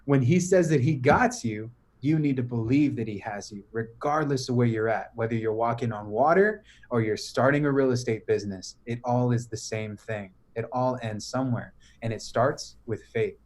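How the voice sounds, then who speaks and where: A man retelling a story in a loose, slangy way and peppering it with "bro" and "right?". His voice sits at a middle pitch for a man. It comes across as an animated, casual pep talk. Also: normal speed, hardly any pauses. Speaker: podcast guest.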